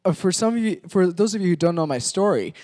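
A man's voice: sits high, lively intonation, fast talker, darkish tone. A man from Pakistan, a pastor, animatedly narrating a sermon skit and directing volunteer actors.

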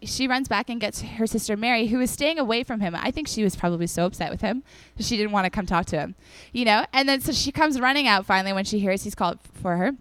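A young woman preacher with a slightly high, smooth voice gives an informal, chatty sermon, recorded without echo. She's animated and takes on the voices of the people in her stories for the congregation.

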